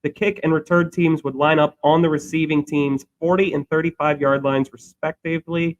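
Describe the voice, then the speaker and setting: A man's voice: a little high, level tone, moderate pace, muffled recording, a little hiss or hum. A young man co-hosting a podcast, explaining a rule change in a rambling, thinking-aloud way. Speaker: podcast co-host. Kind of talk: casual chat.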